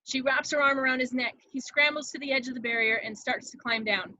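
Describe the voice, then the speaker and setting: A woman reads the stage directions with dramatic, expressive energy. Her voice is bright and slightly high. The sound is dry, close and a little muffled and lo-fi. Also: a little fast, no room sound. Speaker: narrator reading stage directions. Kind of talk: table read narration.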